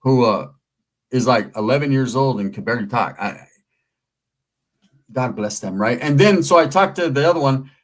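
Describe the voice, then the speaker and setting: A man's voice: mid-range voice, lively intonation, normal speed, long pauses. A middle-aged man rambling through a profane, streetwise story while vlogging. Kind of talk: casual storytelling to camera.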